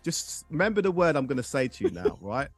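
A man hosting a casual podcast chat, playful and quick to laugh. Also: mid-range voice, no echo, faint music behind. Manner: playful, animated, laughs often. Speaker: podcast host.

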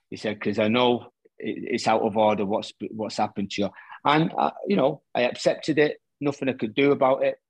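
A middle-aged former footballer tells stories as a guest on a chat show, acting out what others said. His voice is husky and sits at an ordinary male pitch. The recording is dry and close. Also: moderate pace, dry recording. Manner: animated anecdote-teller who acts out quoted dialogue. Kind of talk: casual storytelling chat.

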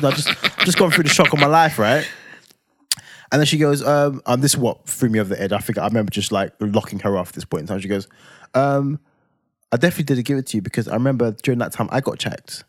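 Man, London accent, 20s, podcast co-host, animated storyteller, dry close-miked voice. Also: medium pitch, fast, dry recording. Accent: London English. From England. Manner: animated, swears freely, acts out heated quotes. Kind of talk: casual storytelling chat.

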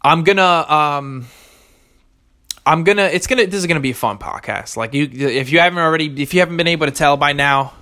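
A man's voice: on the high side, a little fast, bright, forceful tone. A young man hosting a solo podcast, rambling casually with lots of swearing and self-contradiction. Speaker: podcast host.

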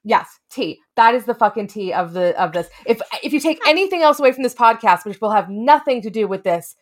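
A woman's voice: a little high, animated, a little fast. A woman co-hosting a casual podcast, playful and rambling, swearing for emphasis. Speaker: podcast co-host.

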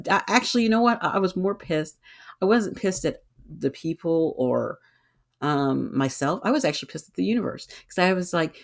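A woman hosting a solo podcast, talking casually about setbacks and often acting out her own inner voices. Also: low voice. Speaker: podcast host and tarot reader.

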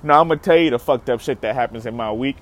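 A man's voice: mid-range voice, fast talker. A young man hosting his podcast outdoors in a city square, hyped and emphatic, repeating himself as he talks. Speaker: podcast host. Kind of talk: casual podcast monologue.

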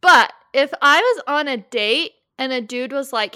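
A woman's voice: high-pitched, lively intonation, measured pace, few pauses, pushed and bright, clean tone. A young woman in casual chat, laughing along and giving her opinion.

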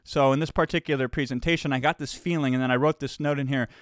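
A man explaining his public speaking approach in a casual, emphatic talking-head style, with quick bursts of speed. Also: mid-range voice, steady tone, no echo, studio quality. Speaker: marketing speaker and host.

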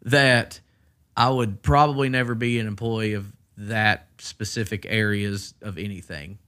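Profane, animated man telling stories. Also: fairly low pitch, unhurried, clear, resonant tone. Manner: profane, animated storytelling with voiced quotes. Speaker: podcast co-host. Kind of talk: casual chat.

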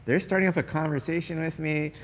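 A man's voice: on the high side, steady tone, brisk, big-room sound. A man hosting a podcast interview, upbeat and eager, laughing along with his guests. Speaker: podcast host. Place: large decorated church.

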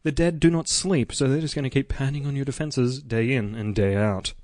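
A man's voice: mid-range voice, fairly even intonation, brisk, darkish tone. A man hosting a casual podcast, jokey and playful. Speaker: podcast host.

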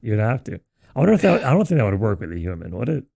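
Gravelly young man with dry quips. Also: on the low side, very animated, racing, darkish tone. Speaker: podcast co-host. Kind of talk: casual chat.

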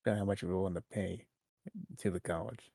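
A young man co-hosting a podcast, joking in a dry, deadpan way. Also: low-pitched, brisk, creaky, slightly rough, no echo. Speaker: podcast co-host. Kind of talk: casual chat.

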